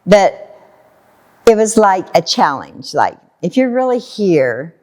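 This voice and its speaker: An American woman telling a personal story in a casual talk, animated and laughing often while she acts out what people said. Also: medium pitch, slow pace. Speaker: guest storyteller.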